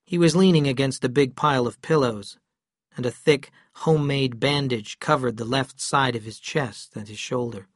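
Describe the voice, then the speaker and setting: A man reading a novel aloud in calm, measured scripted narration. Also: medium pitch, no room sound, studio quality. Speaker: audiobook narrator.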